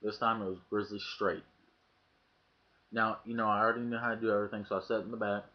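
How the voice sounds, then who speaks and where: This vlogger speaks fast in a fairly low, level voice, telling a casual story to his webcam while cursing freely and performing the other characters' lines. His webcam mic produces dull, lo-fi sound.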